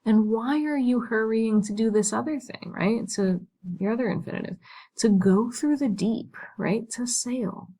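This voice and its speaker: A woman's voice: a little high, unhurried, warm tone, rough recording. A woman teaching Latin, talking through the text casually and thinking aloud, with many "right?" and "like" fillers.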